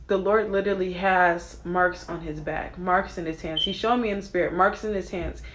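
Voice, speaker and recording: A young Christian video creator offers casual spiritual commentary on song lyrics in a fairly low voice. She's chatty and excitable, often checking in with her listeners.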